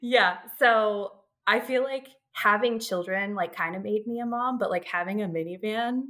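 A woman's voice: medium pitch, moderate pace. Giggly woman in her thirties telling stories. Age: 30s. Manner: giggly, animated storytelling. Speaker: guest. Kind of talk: casual podcast chat.

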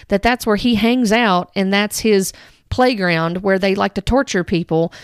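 A woman's voice: on the high side, smooth, dry recording, studio quality. A woman giving earnest commentary on a religious teaching, reading quotes aloud and rebutting them point by point. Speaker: Christian commentator.

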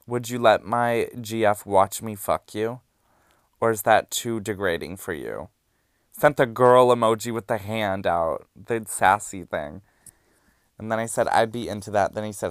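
A young man with a low, smooth voice hosts a candid podcast. He reads messages aloud in a low-key, deadpan way and drops sassy asides. The recording is close and dry. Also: a little slow, dry recording. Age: young adult. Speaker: podcast host. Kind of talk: candid reading of hookup-app messages.

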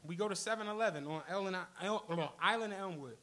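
A man's voice: high voice, quick pace. A man telling a profane story on stage at a live podcast show, acting out the people in it. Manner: animated, profane, acts out the people in his stories. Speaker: podcast co-host. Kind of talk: live storytelling before an audience. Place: stage of a comedy club.

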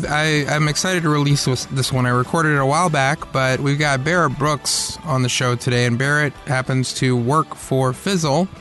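A man's voice: mid-range voice, fairly bright tone. Rambling self-deprecating male podcast host. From Atlanta area, US. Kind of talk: casual monologue.

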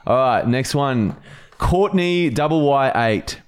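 Lively joking Australian young man. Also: medium pitch, takes it slowly, smooth. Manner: joking, swearing, bursts into laughter. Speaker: podcast co-host. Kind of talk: casual chat.

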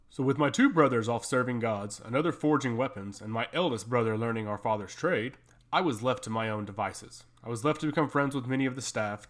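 A man narrating a first-person fantasy story in a steady, measured reading. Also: mid-range voice.

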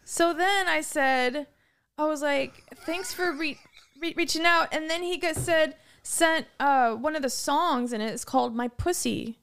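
A woman's voice: high-pitched, a little slow, a bit bright, slight background noise. A young woman in casual podcast chat, telling a story with lots of laughing and reading messages aloud. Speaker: guest.

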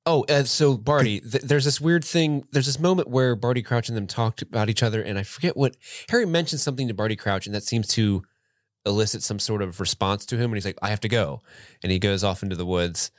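A man's voice: on the low side, fast, no room sound, studio quality. A man co-hosting a podcast, chatting casually and joking about a movie. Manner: jokey, laughs along, puts on silly voices. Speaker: podcast co-host. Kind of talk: casual movie review chat.

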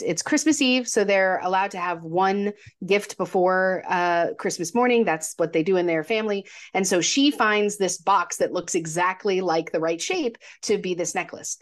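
Chatty woman podcast co-host. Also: fairly low pitch. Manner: animated storyteller, acts out quotes. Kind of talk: casual movie and cocktail chat.

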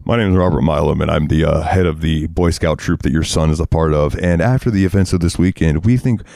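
A man with a very low voice tells a story on a podcast in casual chat. He swears a lot and acts out the other people's lines with feeling. The sound is dry and close, with no room in it. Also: fast talker, gravelly, mellow, no room sound. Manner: profane, heated storyteller acting out quotes. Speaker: podcast co-host.

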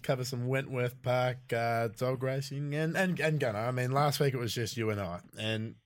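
A man's voice: medium pitch, normal speed. A man hosting a podcast in casual chat, rambling and joking with his co-hosts. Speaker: podcast host.

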